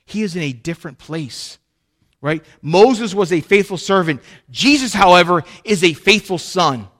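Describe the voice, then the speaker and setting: A man preaching a sermon to his church, emphatic and animated, swinging between loud and quiet. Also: sits high, normal speed. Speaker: pastor.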